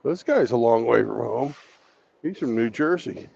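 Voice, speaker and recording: Male companion, blunt and profane, gravelly lively voice. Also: mid-range voice, moderate pace, dull audio. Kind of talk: casual chat.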